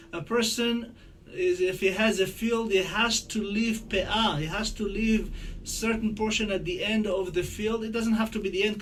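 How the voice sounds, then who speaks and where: A man teaching a Torah lesson in English, chatty and explanatory, reciting verses quickly. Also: sits high, a little hiss or hum. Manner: conversational teaching, mixing Hebrew quotes into English; rattles off Hebrew verses quickly. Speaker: rabbi teaching a class.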